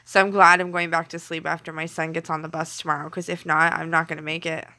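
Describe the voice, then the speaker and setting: Her voice is deep, crisp, and bright with a level tone. A young woman with a Canadian accent, she talks casually into her phone on a late-night live stream, chatty and quick to laugh as she teases typing viewers from her home kitchen.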